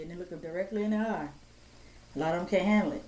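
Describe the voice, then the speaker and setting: A blunt woman with rants and swears without holding back. Her voice is mellow and dark, and it bounces around an echoey room. A faint hum of ambient noise sits under her speech. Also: on the low side, rapid-fire. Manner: blunt, profane, straight-talking. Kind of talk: blunt profane rant to camera.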